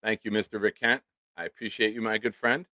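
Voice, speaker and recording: A man with a lowish voice talks fairly quickly, with no echo, while hosting a casual sports livestream. He reads off supporter names in thanks, swearing casually and keeping the energy animated.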